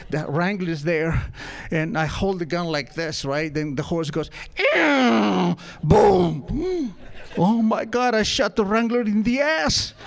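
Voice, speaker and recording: A man with a high-pitched voice tells a story to an audience, playing it for laughs. He mocks himself as he goes, acting out scenes and making sound effects. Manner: animated, comic, acts out scenes with gestures and sound effects; self-mocking. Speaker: recovery meeting speaker. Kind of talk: comic storytelling talk to an audience.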